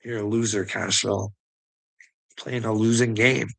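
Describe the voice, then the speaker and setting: A man's voice: lowish voice, little pitch movement, measured pace, gravelly. A man delivering a profane, taunting rant as an online commentator, mocking his listeners with laughs and repeating words for emphasis. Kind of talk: ranting monologue to camera.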